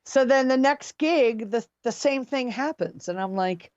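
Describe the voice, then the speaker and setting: A middle-aged woman from near Philadelphia, a singer telling gig stories as a podcast guest, animated and chatty with many restarts. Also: on the high side, measured pace, no room sound, dull audio. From near Philadelphia, USA. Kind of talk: casual storytelling.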